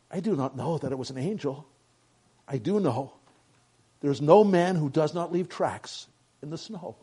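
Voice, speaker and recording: An older man reads a family story aloud in an earnest, plain way, now and then correcting himself. His voice sits a little high for a man and sounds husky and breathy. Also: expressive, unhurried, pauses often, mellow. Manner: earnest, moved, plain reading with small slips.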